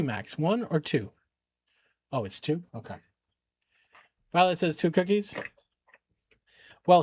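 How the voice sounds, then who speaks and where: A man's voice: high-pitched, dry recording. A man streaming games for charity, chatting casually with viewers and his dog. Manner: chatty, talks to his dogs and chat. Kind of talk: casual live-stream chat.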